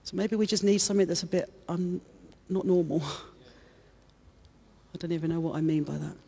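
A woman's voice: fairly low pitch, fairly quick, creaky, dark tone, husky. A woman preaching a sermon in church, fervent and repeating her phrases as she builds.

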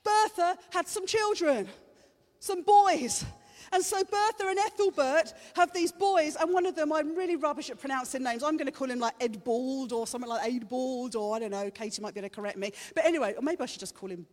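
A woman's voice: sits high, fairly quick, darkish tone. A woman preacher giving a chatty, playful sermon to a congregation, teasing them as she goes. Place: church hall. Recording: reverberant hall.

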